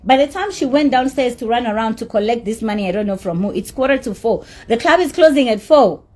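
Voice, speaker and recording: Lady venting hard, emphatic, swearing, kinda raspy voice. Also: on the high side, lively intonation, a little fast, a little mellow. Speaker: celebrity recounting a dispute. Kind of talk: angry rant.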